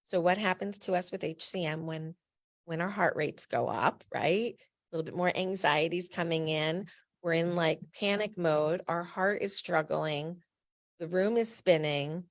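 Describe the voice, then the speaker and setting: A middle-aged woman from New Jersey tells a personal story in a low, gravelly voice. She speaks candidly and with emphasis, dropping blunt asides as a patient advocate who has lived it. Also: unhurried.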